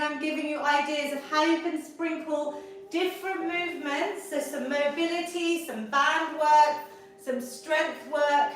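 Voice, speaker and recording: A woman leading a live online exercise class, encouraging and upbeat as she coaches. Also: high-pitched. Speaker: fitness instructor. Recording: echoey room from far off.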